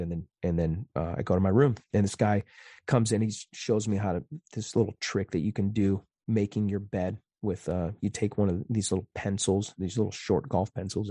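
Guy telling a story in an interview, kinda low voice, rambly and stop-start, dry sound. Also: dark tone, husky, dry recording. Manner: halting, rambling, with frequent restarts. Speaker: interview guest. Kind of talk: casual storytelling in conversation.

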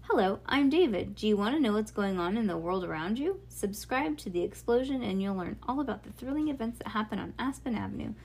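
A woman's voice: mid-range voice, animated, a little mellow, slightly rough. A woman reading as a breezy storybook dad. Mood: nostalgic. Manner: breezy, nostalgic, brisk when reminiscing. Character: middle-aged dad, relaxed, fond of his childhood stories. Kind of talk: storybook read-aloud.

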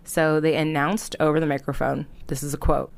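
A woman's voice: low-pitched, level tone, moderate pace, vocal fry. A young woman casually retelling a horror story in a chatty way, full of filler words and disgusted reactions.

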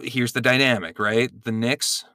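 A man's voice: mid-range voice, fairly even intonation, measured pace, pushed and bright, no room sound, studio quality. A man co-hosting a podcast, chatting casually and playfully about a movie, joking and dropping into silly voices. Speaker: podcast co-host. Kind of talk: casual movie-recap chat.

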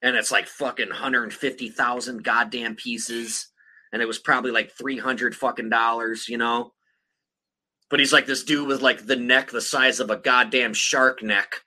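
A man's voice: medium pitch, fairly even intonation, moderate pace, bright, forceful tone, rough recording. A man in his thirties hosting a podcast, rambling in casual chat with heavy swearing. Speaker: podcast host.

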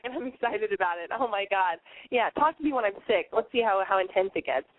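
Woman host, sick and wheezy, brash and profane, high voice, recorded dry with narrow phone-line quality. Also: lively intonation, moderate pace, dry recording. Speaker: podcast advice show host. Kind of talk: casual call-in show monologue.

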